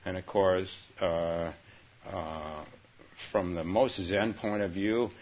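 A man with a husky, low voice gives a dharma talk as a Zen teacher. He hesitates often and chuckles at his asides, then reads a story aloud with lively, rising emphasis. The recording is dull and lo-fi. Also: takes it slowly. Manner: hesitant, many ums and uhs, chuckling asides.

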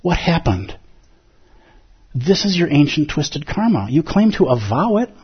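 Zen teacher guy, swoops up and down a lot, bit husky, muffled recording. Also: fairly high pitch, moderate pace. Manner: animated, playful, acts out inner voices. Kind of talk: dharma talk.

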